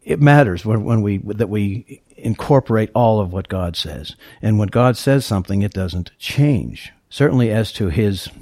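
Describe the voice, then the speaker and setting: A man's voice: fairly low pitch, dark tone, dry recording, clean studio sound. A man preaching a sermon, teaching in an earnest tone, leaning hard on key words and often restarting his phrases.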